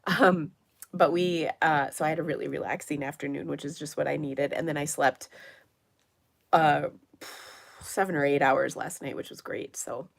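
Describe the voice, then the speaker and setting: Congested woman chatting with a low voice. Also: steady tone, moderate pace, vocal fry. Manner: chatty, rambling, many fillers. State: congested, nasal from a cold. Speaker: papercraft channel host. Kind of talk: casual chat on a livestream.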